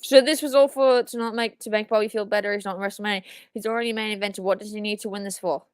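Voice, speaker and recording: A young woman hosting a live watchalong, reacting excitedly, swearing and yelling at the screen, then repeating her frustration. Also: mid-range voice, quick pace, clear, resonant tone, dry recording. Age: young adult. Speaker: watchalong streamer.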